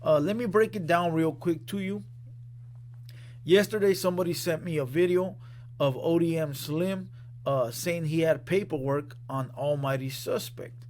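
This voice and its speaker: A man's voice: fairly high pitch, normal speed, a little mellow. Blunt, profane male reaction host. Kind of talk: casual commentary. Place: studio room.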